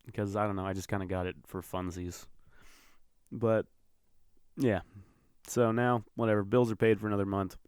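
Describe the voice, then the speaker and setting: Profane rambling man, smooth low voice. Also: level tone, normal speed, pauses often, darkish tone, dry recording, studio quality. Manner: rambling, profane storytelling with fillers. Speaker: podcast host. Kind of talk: casual monologue.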